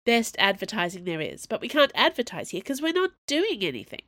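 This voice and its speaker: A moody teenage circus girl who whines and sulks about everything, as a woman narrator puts her on. The voice sits higher than the reader's own and is recorded dry and close, as in a storybook read-aloud. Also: big pitch swings, brisk, a bit bright, no echo. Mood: grumbling. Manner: whiny, sulky complaining.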